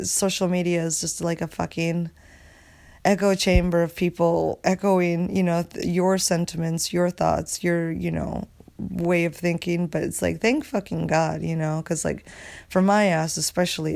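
A woman with a slightly low voice talks alone into her podcast mic. She rambles in a loose, casual rant, swears freely and packs her sentences with filler words. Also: gravelly, a little mellow. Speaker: podcast host.

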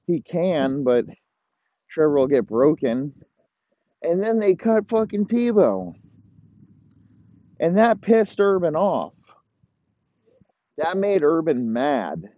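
Ranting, swearing man, slow and dull-sounding. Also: on the high side, sing-song, no room sound. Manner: profane, rambling, heated complaining. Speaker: podcast host. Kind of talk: profane casual rant.

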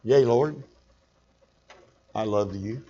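A man's voice: fairly low pitch, drawn-out words, warm tone, dull audio, voice pushed down. A man preaching, voicing the disciple Peter as an earnest fisherman who stammers and pleads. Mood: hushed, ashamed.

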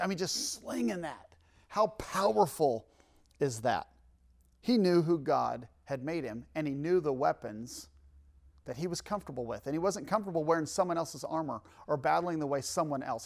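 A man preaching a sermon and reading scripture aloud, with casual asides and self-corrections, building to loud, emphatic peaks. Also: fairly high pitch, creaky.

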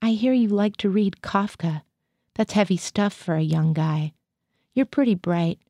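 A woman's voice: medium pitch, a little slow, mellow, dry recording. A woman reading the part of a skeptical male military psychiatrist who questions his patient in a probing, dry way. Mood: questioning.

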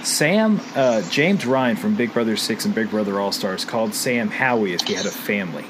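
A man's voice: fairly low pitch, animated, moderate pace, background noise. A man co-hosting a podcast in casual chat, ranting with exasperated complaints. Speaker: podcast co-host.

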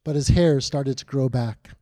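A man preaching a sermon, retelling the story dramatically and dropping to a hush on key lines. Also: medium pitch, measured pace.

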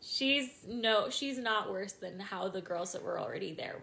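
A woman co-hosting a casual chat, opinionated and quick to laugh as she chimes in on the show. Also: medium pitch, gravelly, pushed and bright, a little hiss or hum. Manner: opinionated, laughs often, chimes in over her partner.

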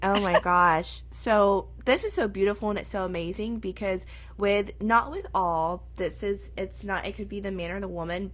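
A woman hosting a podcast, asking enthusiastic, rambling questions. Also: on the low side. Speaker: podcast host. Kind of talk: interview questions.

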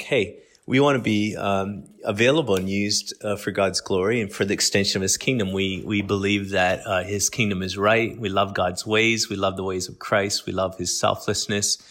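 A middle-aged man with a slight lilt, giving a relaxed, conversational podcast talk full of fillers and restarts. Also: on the low side, normal speed, few pauses. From Canada. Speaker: guest speaker. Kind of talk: podcast teaching.

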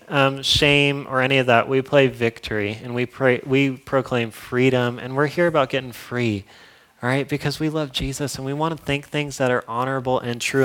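Casual young male preacher. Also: mid-range voice. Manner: conversational, upbeat, drops to soft prayerful tone. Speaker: pastor. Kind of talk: casual sermon.

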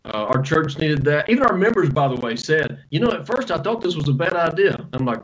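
A pastor, answering interview questions in a relaxed, storytelling way with self-deprecating humor. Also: male voice, on the high side, moderate pace, poor audio.

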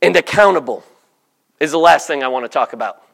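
A man preaching a sermon, animated, slipping into mock voices for the people he describes. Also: on the high side, brisk, vocal fry.

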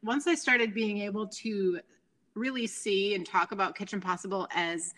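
A woman in her thirties, a nonprofit founder, talking as a guest in a casual interview, animated and chatty with frequent laughs and fillers. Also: medium pitch, normal speed.

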